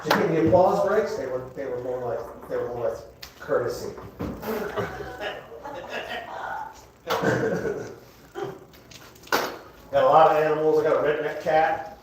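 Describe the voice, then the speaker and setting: A man performing stand-up in a comedy club, his voice sitting high for a man. He rambles through crude, self-mocking bits. The sound is heavily echoey and distant, with audible background noise. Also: takes it slowly, long pauses. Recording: echoey club recorded from afar.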